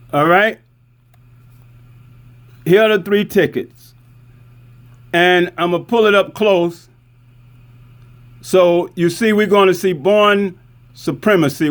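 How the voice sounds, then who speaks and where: High-voiced middle-aged imam, chatty. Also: male voice. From Newark, New Jersey. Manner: conversational, repeats points, asks "right?" often. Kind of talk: community talk with show-and-tell.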